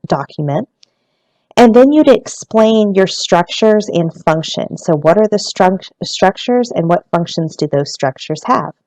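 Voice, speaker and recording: A woman's voice: lowish voice, a little mellow, dry recording. A woman teacher in a recorded lesson, explaining a class task step by step.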